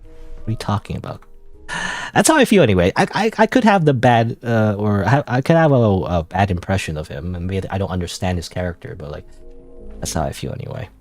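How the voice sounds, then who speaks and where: A male streamer talking off the cuff while he plays, rambling and unsure of himself. His fairly low voice rises and falls a lot, with quiet music running underneath. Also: lively intonation, fast. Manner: rambling, self-doubting, frequent fillers and laughs. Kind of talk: casual gaming livestream chat.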